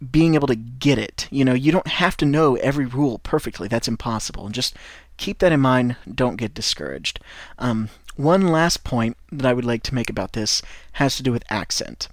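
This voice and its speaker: A man's voice: mid-range voice, no room sound, clean studio sound. An American man with a Midwestern accent giving an encouraging, rambling podcast lesson to French learners of English. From United States. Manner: encouraging, rambling, with frequent restarts. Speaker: English teacher and podcast host.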